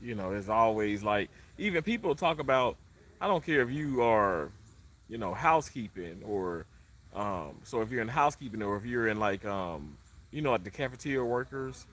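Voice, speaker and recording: Bright, lively man chatting live. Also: lowish voice, moderate pace. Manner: rambling, chatty, with many fillers. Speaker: livestreamer talking to viewers. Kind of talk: casual live chat. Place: indoors in a condominium.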